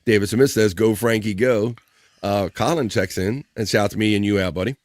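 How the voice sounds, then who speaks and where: A man hosts a live stream and reads viewer comments aloud, joking and calling out names. His voice sits fairly low. The sound is dry and close, with no room echo. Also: normal speed. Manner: playful, jokey, shouting out viewers by name. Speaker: live-stream show host.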